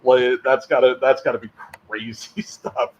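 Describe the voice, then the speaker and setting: A man co-hosting a podcast in casual chat, rambling and laughing, filling every pause with "like". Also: medium pitch, flat delivery, lo-fi sound, slight background noise. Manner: rambling, says "like" constantly, laughing. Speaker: podcast co-host.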